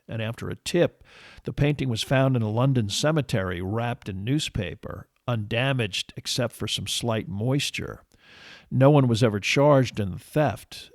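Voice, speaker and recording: A man narrating a history podcast in a measured, steady scripted read. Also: fairly low pitch, no room sound, studio quality.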